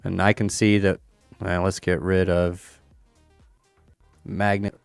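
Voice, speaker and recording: A man's voice: deep voice, little pitch movement, slow, vocal fry, clean tone, dry recording, soft background music. A man streaming casually, thinking aloud about crypto charts and a chess game, with playful banter. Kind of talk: casual livestream chat over charts and chess.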